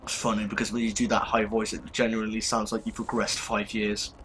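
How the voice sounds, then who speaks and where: A man's voice: lowish voice, little pitch movement, fairly quick, fairly bright tone, a little hiss or hum. A man joining a gaming stream over voice chat, teasing the others with sarcastic, crude jokes.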